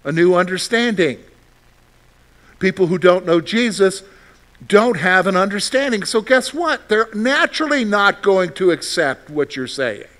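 A male pastor preaching a sermon, animated, asking his congregation questions and candidly sharing his own frustrations. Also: sits high, unhurried, rough recording. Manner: candid, shares personal frustrations.

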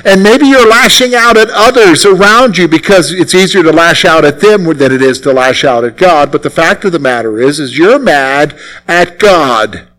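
A man's voice: a little high, animated, normal speed, a bit bright, poor audio. A man preaching a sermon as pastor, emphatic and repeating his key phrases.

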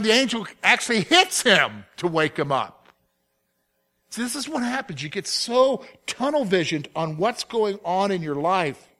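A male preacher gives an emphatic sermon and keeps putting direct questions to his listeners. His voice sits high for a man and has a bright, ringing tone.

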